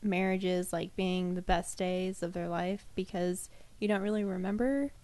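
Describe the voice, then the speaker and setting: A woman's voice: fairly low pitch, fairly even intonation, a little slow, mellow. A young woman co-hosting a casual podcast, speaking candidly and a bit ruefully. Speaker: podcast co-host. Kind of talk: casual chat.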